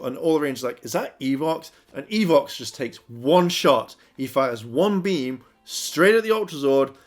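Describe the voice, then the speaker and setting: A man giving a casual, rambling recap of a TV episode, full of fillers like "kind of" and "you know". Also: fairly high pitch. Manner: rambling, filler-heavy retelling. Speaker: TV episode reviewer.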